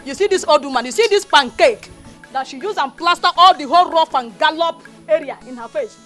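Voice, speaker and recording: A woman's voice: sits high, normal speed, a bit bright, soft background music. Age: adult. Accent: Nigerian. A woman playing a fierce mother who hurls insults at a young woman. Style: Nollywood film acting. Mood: mocking. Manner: scolding, insulting. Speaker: mother scolding her son's girlfriend.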